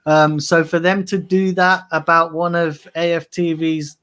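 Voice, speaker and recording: A man's voice: fairly high pitch, little pitch movement, measured pace, fairly bright tone. A man talking in a casual tribute chat, hesitant and heartfelt, with many restarts. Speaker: regular on fan channel stream.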